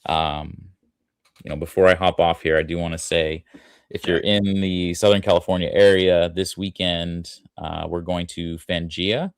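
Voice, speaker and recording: Deep gravelly man, easygoing host. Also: steady tone, moderate pace, no echo, studio quality. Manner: laughs easily, breaks into goofy impressions. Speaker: podcast co-host. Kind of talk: casual chat.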